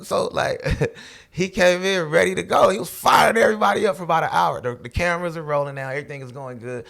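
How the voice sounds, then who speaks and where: A man's voice: on the high side, fairly quick, vocal fry, fairly bright tone. A man, a comedian guest, telling a story in loose slangy talk, swearing and laughing as he goes. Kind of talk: animated storytelling with quoted voices.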